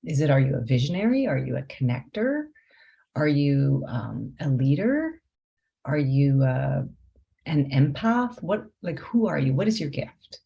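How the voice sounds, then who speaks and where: A woman's voice: extremely low pitch, very animated, unhurried, vocal fry, warm tone, lo-fi sound. A woman life coach talking through her work in an interview, reflective, often posing rhetorical questions. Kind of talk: conversational interview.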